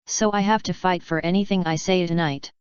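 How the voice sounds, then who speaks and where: Female reader voicing an excitable shy young woman, lower voice, dull lo-fi audio. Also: a little fast, clean tone, no echo, lightly acted. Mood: suspicious. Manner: eager, excited suggesting. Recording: slightly dull lo-fi recording.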